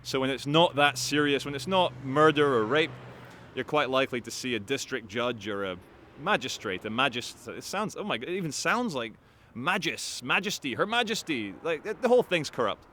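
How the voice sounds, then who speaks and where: A man telling a story to camera in an animated, profane, rambling way. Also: mid-range voice, moderate pace, slight background noise. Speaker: activist vlogger.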